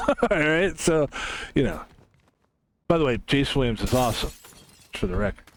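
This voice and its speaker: A man's voice: a little high, big pitch swings, normal speed, vocal fry. A man from the United States rambling casually while streaming a game, often trailing off, restarting and laughing.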